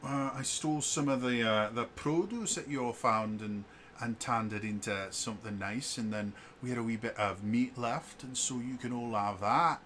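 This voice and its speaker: A man voicing a cheerful male camp cook with a Cockney accent, in a high, bouncy put-on voice. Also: normal speed, hardly any pauses, fairly bright tone, slight background noise, natural voice.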